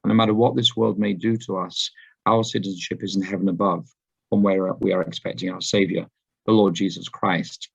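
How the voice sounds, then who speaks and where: A man giving a sermon talk to a congregation, hoarse after laryngitis, unhurried and full of ums and uhs. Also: low-pitched, little pitch movement. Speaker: guest speaker. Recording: dull lo-fi recording.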